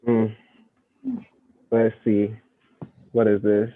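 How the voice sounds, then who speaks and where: A man's voice: on the low side, monotone, very slow, no room sound. A man hosting a poetry slam over a video call, with slangy, profane, laughing banter. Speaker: slam host. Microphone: remote video call. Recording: tinny, dry phone-like audio.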